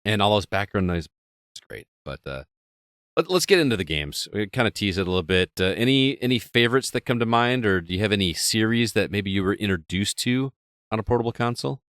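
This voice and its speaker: A man hosting a casual podcast chat, relaxed and nostalgic, steering the talk to his co-hosts. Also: lowish voice, a little fast, dry recording, studio quality. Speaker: podcast host.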